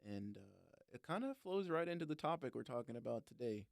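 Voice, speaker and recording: A man's voice: medium pitch, fairly quick, gravelly, dry recording, clean studio sound. A man co-hosting a casual faith podcast, joking around with playful asides. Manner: joking, animated, lots of fillers and playful asides. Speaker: podcast co-host.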